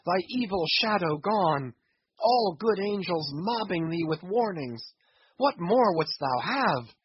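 Devout mate begging his captain to stop, impassioned and measured, read by a man. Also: sits high, expressive, slightly rough, dull audio, exaggerated voice. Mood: pleading. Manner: impassioned pleading, rhetorical questions. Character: pleading male ship's mate, devout, desperate.

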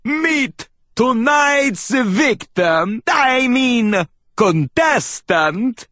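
High, bright, swooping villainous rat showman, drawn out slowly. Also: big pitch swings, no echo, heavily acted. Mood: gloating. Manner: drawn-out showman announcing, shouting. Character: sneering villainous male rat game-show host.

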